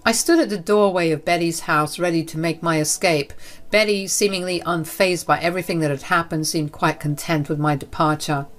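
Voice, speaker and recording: A woman's voice: fairly low pitch, fairly even intonation, fairly quick. A woman narrating a first-person drama story in an earnest, dramatic manner.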